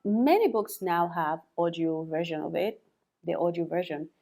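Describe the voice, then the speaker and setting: A woman's voice: lowish voice, normal speed, darkish tone. A young adult woman teaching English in a chatty spoken lesson, repeating words for practice and laughing often.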